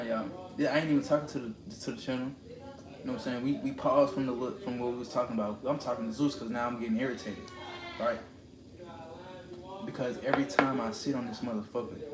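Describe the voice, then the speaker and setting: Man ranting into a roomy live stream. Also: medium pitch. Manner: confrontational, preachy, repeats lines for emphasis. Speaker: livestreamer. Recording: roomy echo with steady background noise.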